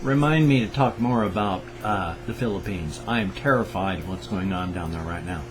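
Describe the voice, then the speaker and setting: A man's voice: sits low, moderate pace, a little hiss or hum, rough recording. An older man from the Pacific Northwest with its accent, chatting in a rambling, self-correcting way in a casual solo vlog. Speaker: vlogger.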